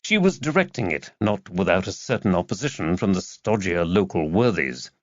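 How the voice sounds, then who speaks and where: A man narrating a cozy mystery audiobook in a lively, expressive read. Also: low-pitched, normal speed, no echo. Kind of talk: scripted narration. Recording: dull dry lo-fi recording.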